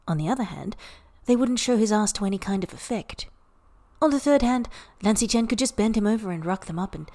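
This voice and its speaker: A woman narrating a story for a podfic in even, unhurried storytelling. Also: mid-range voice. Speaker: podfic reader. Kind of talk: scripted narration.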